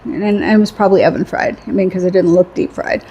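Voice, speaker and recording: A woman's voice: fairly low pitch, fairly even intonation, fast, warm tone, breathy edge, lo-fi sound. A middle-aged woman telling a rambling story in a casual vlog, chatty, laughing often and repeating phrases for emphasis. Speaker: vlogger.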